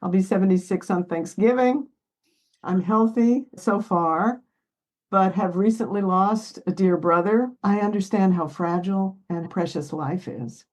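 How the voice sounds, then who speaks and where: A woman's voice: mid-range voice, measured pace, a little mellow, rough recording. A woman in her seventies, a therapist, speaking earnestly and with feeling in an interview, sometimes choking up and laughing. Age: 70s. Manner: earnest, emotional, laughs while telling family stories. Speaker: therapist guest. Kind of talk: reflective interview talk.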